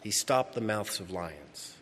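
A man preaching, voicing a faithful prophet who speaks with calm assurance in short, emphatic statements. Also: lowish voice, unhurried, big-room sound, slight background noise, pitched below the performer's own voice. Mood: assured.

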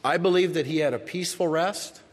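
A man preaching a sermon, reading scripture and swinging from loud, emphatic lines to hushed ones. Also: fairly high pitch, brisk, in a large hall. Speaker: pastor.

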